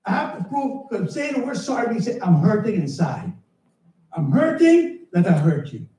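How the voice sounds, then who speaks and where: A man preaching a sermon as pastor, animated and storytelling, sometimes shouting. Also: high-pitched, normal speed. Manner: animated, shouting at times, storytelling with acted dialogue. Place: church. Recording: echoey church hall, mic at a distance. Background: congregation answering.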